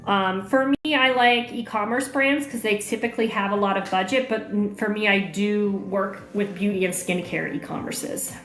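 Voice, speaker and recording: Speaking at a normal speed with hardly any pauses, this woman has a medium, slightly bright voice and fairly even intonation. As an online marketing coach streaming live, she chats loosely, reads comments from viewers and answers questions with plenty of fillers. The space echoes, and faint music can be heard.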